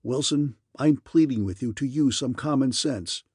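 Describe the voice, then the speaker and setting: A man's voice: mid-range voice, normal speed, a little mellow, husky, no room sound, clean studio sound, natural voice. A man voicing an angry older male admiral who scolds in a stern way. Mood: scolding.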